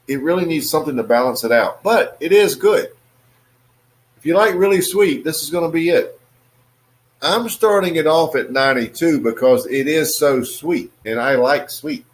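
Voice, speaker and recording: On his video channel, a man casually reviews a cigar, musing in a relaxed way and using lots of fillers. His voice sits at medium pitch and he speaks at a moderate pace.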